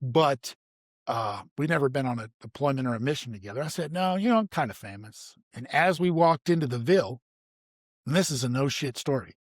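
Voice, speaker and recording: A man's voice: medium pitch, expressive, brisk, dry recording, studio quality. A man in his sixties, a retired army medic, telling casual stories with repeated words and swearing. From United States. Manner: rambling anecdotes with repeated words and profanity. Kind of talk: casual storytelling.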